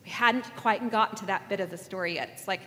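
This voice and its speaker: A woman's voice: medium pitch, fast talker, fairly bright tone. A woman giving an interactive sermon as a preacher, acting out voices and leading the audience in call-and-response. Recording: echoey hall with faint ambience.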